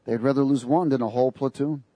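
A man preaching a sermon, lively and sarcastic, laughing between his points. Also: medium pitch, quick pace, no room sound.

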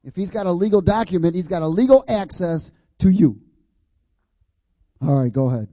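Dark-voiced man preaching with call-and-response. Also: high voice, animated, moderate pace, no room sound. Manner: call-and-response, prompts congregation to repeat words; emphatic, repetitive preaching cadence. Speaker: pastor. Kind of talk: sermon.

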